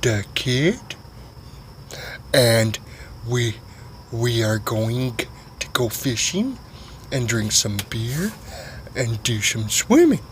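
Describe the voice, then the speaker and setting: A man's voice: medium pitch, animated, a little hiss or hum. A man drawling as a dim-witted old buddy. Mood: plodding. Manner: drawling, halting and simple-minded. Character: slow, dim-witted male fishing buddy.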